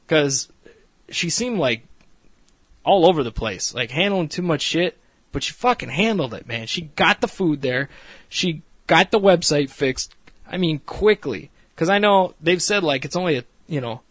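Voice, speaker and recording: A man's voice: on the high side, fairly bright tone, dry recording. A man casually recapping a reality show episode, rambling and swearing freely with frequent laughs. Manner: rambling, profane, laughs often.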